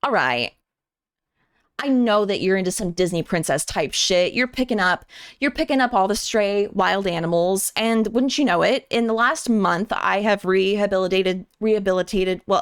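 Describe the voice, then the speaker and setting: A woman streamer telling a story casually to her chat, animated, repeating words and acting out what others said. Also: mid-range voice, moderate pace, no echo, studio quality. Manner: animated, restarts and repeats words, acts out quotes.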